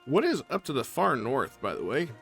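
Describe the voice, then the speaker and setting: Chatty gamer thinking aloud. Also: male voice, medium pitch, wildly swooping pitch, moderate pace, vocal fry, a bit bright. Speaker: let's play host. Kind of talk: casual gameplay commentary. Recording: faint game music behind.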